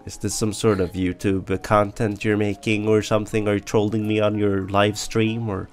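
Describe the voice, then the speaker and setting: A man's voice: fairly low pitch, little pitch movement, normal speed, soft background music. A man giving playful, sarcastic commentary while playing a video game with a stranger. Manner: teasing, sarcastic. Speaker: gaming YouTuber.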